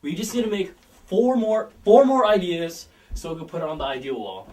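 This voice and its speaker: A man improvising silly horror story pitches in a rambling, casual way, full of "like". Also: sing-song, a little fast, a little mellow. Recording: distant mic with guitar music.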